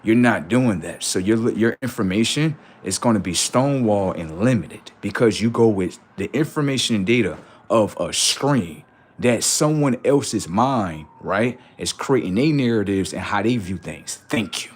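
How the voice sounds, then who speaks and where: A man running a livestream chats in casual slang, sermonizes via rhetorical questions, and voices both speakers in imagined dialogues. His lowish voice is animated and measured, with a breathy edge.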